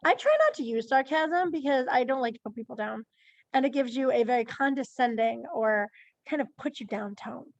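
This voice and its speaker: High, gravelly teacher on a video call. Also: female voice, no echo, dull audio. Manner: questioning, chatty, calls on students by name. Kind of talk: online class lesson. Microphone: computer mic on a video call.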